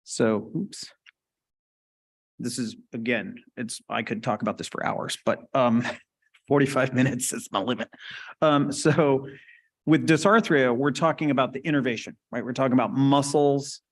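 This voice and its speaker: A man's voice: mid-range voice, normal speed. Casual lecturing man at a conference. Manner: casual, explanatory, checks in with audience. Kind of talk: live lecture with slides. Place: conference hall.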